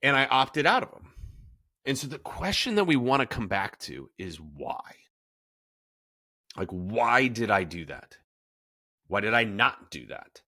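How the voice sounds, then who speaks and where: A man's voice: mid-range voice, sing-song, unhurried, long pauses, bright, forceful tone. A man in his thirties hosting a casual podcast, talking in a candid, self-reflective way with many fillers and restarts. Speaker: podcast host, fitness coach. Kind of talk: candid conversational podcast talk.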